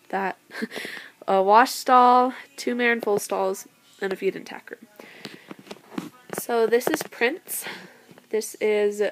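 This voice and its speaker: A woman's voice: mid-range voice, noisy background. A teenage girl giving a chatty, giggly show-and-tell tour of her toy collection, now and then losing her train of thought. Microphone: handheld camera.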